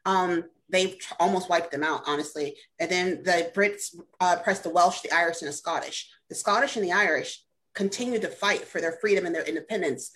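A woman's voice: lowish voice, brisk, fairly bright tone, rough recording. A woman in a casual group discussion, explaining history at length. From United States. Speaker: discussion participant.

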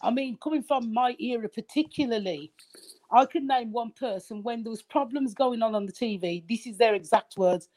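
Middle-aged woman, pushes her point hard, repeats herself, a bit high voice. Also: normal speed, a little mellow. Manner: emphatic, repeats phrases, apologetic yet insistent. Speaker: discussion panelist. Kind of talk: heated casual debate.

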